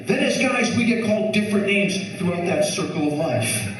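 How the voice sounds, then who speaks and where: High-voiced comedian in an echoey club. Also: male voice, brisk, a loud crowd. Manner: animated storytelling, swings pitch a lot. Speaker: stand-up comedian. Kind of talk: stand-up set before a live audience. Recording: echoey live club, distant mic. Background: audience laughter.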